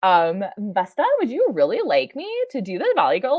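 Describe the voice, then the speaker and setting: A woman's voice: mid-range voice, huge pitch swings, normal speed, few pauses, no room sound, muffled recording. A woman chatting through a live-stream reaction, rambling with lots of fillers, restarts and laughs. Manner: rambling, many fillers and self-interruptions. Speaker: science streamer.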